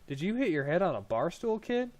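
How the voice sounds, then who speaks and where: A man's voice: high voice, big pitch swings, fairly quick, darkish tone, pitched above the performer's own voice. Man reading as a sarcastic older lady doctor. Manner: sarcastic, blunt. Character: gruff older woman doctor, bitter and skeptical.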